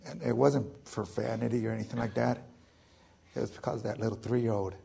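A man in his thirties with a heavily gravelly, rough, raspy voice. He tells his own story to a lecture audience, halting and restarting often, with joking asides. His pitch sits mid-range for a man. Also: steady tone, warm tone. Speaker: military veteran speaker. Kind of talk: personal story in a public lecture.

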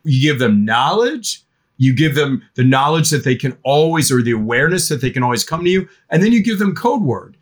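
A middle-aged man, a guest expert on teen parenting, speaking in a podcast interview with an animated manner. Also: mid-range voice, normal speed.

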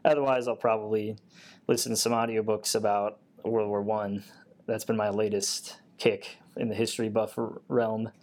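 A man with a fairly low voice answers interview questions in a relaxed, easygoing way. He often hesitates and fills his pauses with small filler words. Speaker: guest, Air Force technician.

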